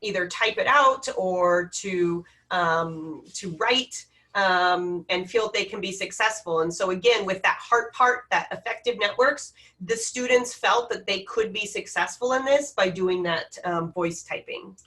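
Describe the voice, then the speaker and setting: A woman's voice: mid-range voice, measured pace, hardly any pauses, sharp tone, far from the mic. A woman presenting classroom tech tools in a webinar, talking with frequent hesitations. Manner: hesitant, many ums. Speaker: education technology presenter.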